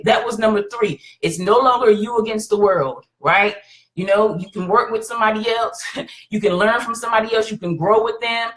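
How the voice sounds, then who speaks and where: A woman's voice: medium pitch, a bit bright. A woman hosting a live stream and giving motivational advice, encouraging and checking in with her viewers as she talks. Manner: encouraging, keeps checking in with "right?".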